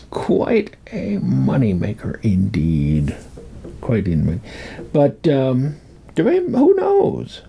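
A man's voice: on the low side, vocal fry, mellow, husky. A man in his sixties telling folklore in a rambling, chuckling way, acting out voices as he goes. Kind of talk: casual storytelling talk.

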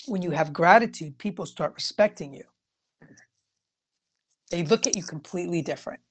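A woman shares her thoughts on tarot and moods in a loose, conversational way. Her voice sits a little on the low side, and she circles back on her points with plenty of casual fillers. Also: moderate pace, slight background noise. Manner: chatty and rambling, frequent "you know" fillers. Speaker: tarot reader. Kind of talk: casual spiritual talk to viewers.

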